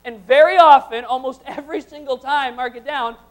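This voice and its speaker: A pastor with a very high-pitched male voice speaks a little fast before his congregation at a church service. He reads scripture aloud, then preaches with rising intensity.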